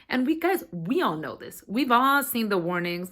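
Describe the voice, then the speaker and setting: A woman in her thirties telling a personal story to her camera in a chatty, animated way, sometimes swearing. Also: on the high side, moderate pace. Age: 30s. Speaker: vlogger.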